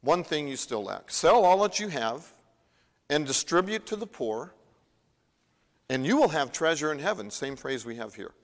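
A man giving a sermon in a church, talking in a casual, storytelling way and voicing the Bible's speakers as he goes. His voice sits a little high for a man, and a long reverb trails each phrase through the large hall. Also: sing-song, normal speed. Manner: conversational, acts out the Bible dialogue. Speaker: pastor.

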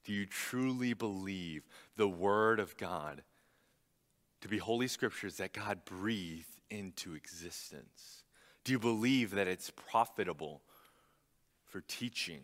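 A man's voice: lowish voice, a bit bright. Earnest young man preaching in a reverberant hall. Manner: earnest, emphatic, repeating key phrases. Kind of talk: sermon.

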